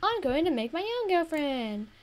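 A woman's voice: extremely high pitch, very animated, normal speed. A woman giving casual gameplay commentary, chatty and easily exasperated as she plays. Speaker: gaming video host.

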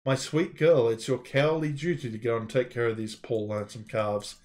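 A man's voice: a little fast, a little mellow, close to an everyday voice. A man voicing a scheming male ox headmaster who purrs in a mild, girlish tone while reading a game's story aloud. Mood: syrupy. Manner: purring, syrupy, high girlish tone.

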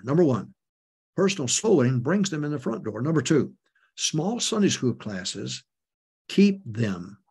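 A man's voice: medium pitch, big pitch swings, unhurried, a little mellow, breathy edge. An older man, a pastor, giving folksy, emphatic preaching talk to church leaders, chuckling often.

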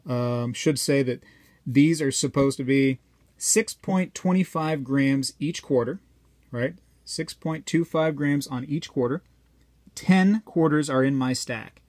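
A man's voice: medium pitch, no room sound. A man chatting casually to viewers while weighing coins, rambling and joking as he goes. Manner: rambling, jokey, talks to viewers directly. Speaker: coin collector vlogger.

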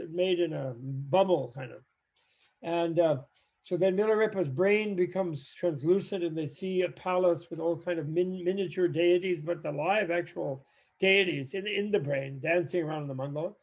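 A man, a Buddhist teacher, telling a story in an animated, rambling way, full of casual fillers, in a dull lo-fi recording. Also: fairly high pitch, gravelly, husky. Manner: animated, rambling, lots of "you know, like". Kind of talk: storytelling talk. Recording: dull lo-fi sound.

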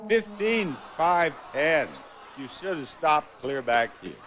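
A man's voice: a little high, lively intonation. An older man hosting a TV game show in a studio, playful and teasing with contestants. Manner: playful, teasing, drawn-out delivery. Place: TV studio with live audience. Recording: loud studio audience and music.

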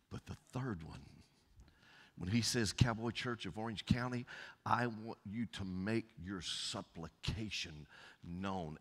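A middle-aged Southern pastor delivers a folksy sermon in a very deep, husky voice. He drops from loud calls to near-whispers as he preaches. The sound rings with the long reverb of a church hall. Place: church sanctuary.

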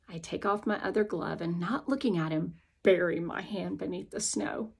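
A woman's voice: fairly low pitch, normal speed, gravelly, breathy edge. A woman reading an audiobook aloud in the first person, speaking as a young girl telling her own story. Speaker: audiobook narrator.

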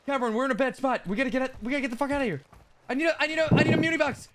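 High-pitched man shouting game callouts. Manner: loud rapid team callouts, shouting. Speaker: gaming streamer. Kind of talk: excited gameplay commentary. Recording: gameplay noise under voice. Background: game sounds and clicks.

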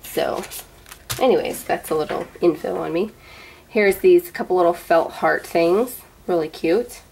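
Woman, 30s, lower-pitched, chatty unboxing vlogger, rambling and gushing; light background hiss. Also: measured pace, vocal fry, a little mellow, poor audio. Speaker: vlogger showing a gift box. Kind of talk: casual show-and-tell unboxing.

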